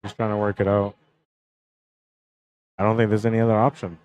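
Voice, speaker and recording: Laid-back low-voiced male stream commentator. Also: level tone, a little fast, darkish tone, smooth, poor audio. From Canada. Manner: laid-back, chatty, greets viewers by name. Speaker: pool tournament streamer and commentator. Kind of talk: casual live-stream commentary.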